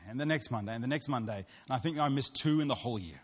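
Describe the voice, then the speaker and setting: Husky-voiced man preaching in a reverberant hall. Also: mid-range voice, rapid-fire. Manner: earnest, storytelling, acts out voices of others. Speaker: pastor. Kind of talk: sermon.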